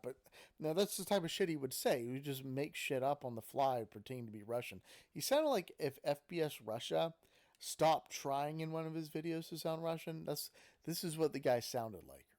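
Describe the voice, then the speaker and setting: A man's voice: mid-range voice, darkish tone. A man telling a story in a casual, rambling, profane way, with frequent restarts.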